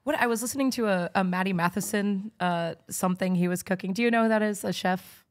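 A woman, a guest musician on a podcast, chatting in a relaxed way. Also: medium pitch, fast talker. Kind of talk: casual chat.

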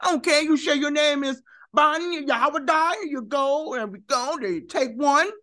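A man doing a cheery old scholar, high and eager. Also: normal speed, pushed and bright. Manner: eager, chatty, fumbling with names. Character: cheery older male scholar handing out books.

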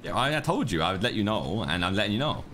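A man's voice: lowish voice, big pitch swings, fast talker, a bit bright, slight background noise. A British man role-playing in character, joking around and slipping into street slang. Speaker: game role-player. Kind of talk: in-character role-play chat.

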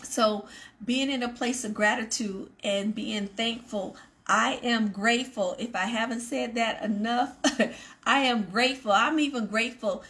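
A woman's voice: on the high side, a little slow, a bit bright. A woman hosting a faith program, giving an earnest devotional talk to her viewers, repeating her points for emphasis. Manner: earnest, emphatic repetition and asides to the audience. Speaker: ministry show host.

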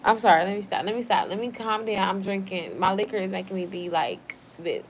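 A woman's voice: mid-range voice, brisk, hardly any pauses, slight background noise. A tipsy young woman hosting a livestream, reading chat messages aloud and snapping back at chatters in a brash, profane way. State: tipsy from wine.

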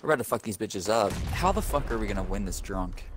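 A drunk man cracking crude jokes over a game, his mid-pitched voice bouncing up and down. Loud crowd chatter fills the background. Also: fast. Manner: joking, crude, lively. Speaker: gamer playing with friends. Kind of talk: casual gaming chat.

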